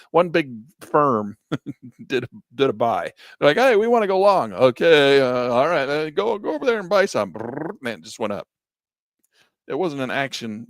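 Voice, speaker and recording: A man walks students through a live trading class in a folksy, animated way, putting on quick voices for traders. His pitch swings widely as he talks. The sound is dry and close, with no room around it. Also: dry recording. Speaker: trading instructor.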